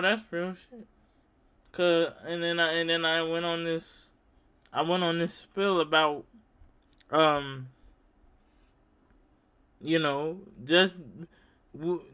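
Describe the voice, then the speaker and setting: Young male host, bright crisp voice, profane rambling monologue. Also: a little high. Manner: profane, rambling, animated storytelling. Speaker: podcast host. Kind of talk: casual monologue.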